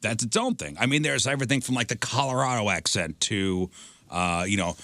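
Heller, lebhafter Radiomoderator. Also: male voice, on the low side, fairly quick, bright, forceful tone, no room sound. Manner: reads out a list, chatty with fillers. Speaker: radio show co-host. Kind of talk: casual radio banter.

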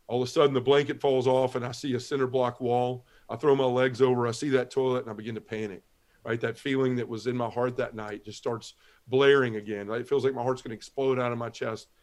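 A man giving a halting, emotional personal testimony as a guest on a talk show, often repeating words as he speaks. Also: medium pitch. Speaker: guest telling his conversion story.

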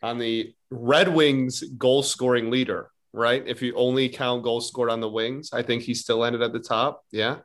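A man's voice: medium pitch, fairly even intonation, normal speed, hardly any pauses, fairly bright tone. Co-host, male, casual agreeable interjections. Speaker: podcast co-host. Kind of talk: casual sports podcast chat.

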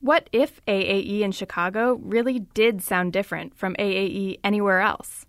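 A woman's voice: medium pitch, steady tone, moderate pace, no echo, clean studio sound. A woman reporter giving scripted, conversational podcast narration.

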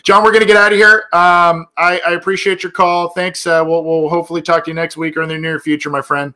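A man's voice: a little high, little pitch movement, quick pace, sharp tone. A man hosting a sports podcast, talking casually with many fillers and restarts. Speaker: podcast host.

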